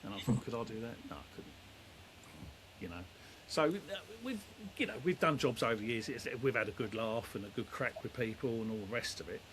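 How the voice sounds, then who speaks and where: A man's voice: lowish voice, lively intonation, fairly quick, noisy background. A middle-aged man, a demolition company head, telling stories in a rambling, down-to-earth way. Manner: rambling, down-to-earth, lots of fillers. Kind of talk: casual storytelling chat.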